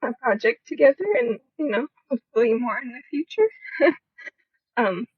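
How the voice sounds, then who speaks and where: A woman's voice: a little high, animated, moderate pace, breathy edge, no room sound, phone-quality sound. A shy, nervous woman who giggles as she gives a heartfelt thank-you in casual voice chat. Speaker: co-host.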